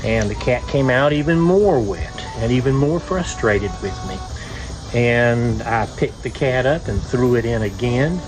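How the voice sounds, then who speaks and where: A man telling stories in an unhurried, folksy way by an outdoor fire, pausing often with "uh". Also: mid-range voice, expressive, over music, low-quality recording. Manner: unhurried, folksy, lots of "uh" pauses. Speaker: video blogger. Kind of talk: relaxed storytelling by a campfire. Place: outdoors beside a fire at night.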